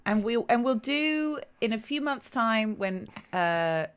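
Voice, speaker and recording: A woman's voice: on the high side, animated, takes it slowly, crowd noise. A woman co-hosting a casual podcast chat while hungover, laughing often. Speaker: podcast co-host.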